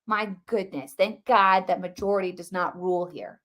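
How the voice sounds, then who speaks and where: A woman talking fast and emphatically in a live-streamed political commentary, repeating herself, with many "like" fillers. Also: fairly low pitch, fairly bright tone.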